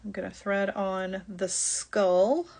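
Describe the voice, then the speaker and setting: A woman's voice: mid-range voice, steady tone, slow pace, creaky, a little mellow. A middle-aged woman hosting a live jewelry-making shopping stream, chatty and apologetic, laughing often. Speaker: jewelry-making show host.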